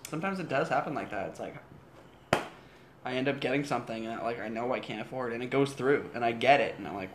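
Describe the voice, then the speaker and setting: A man's voice: mid-range voice, quick pace, slight background noise. Loose-talking man in casual banter. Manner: loose, swearing, slips into mock voices. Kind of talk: casual chat.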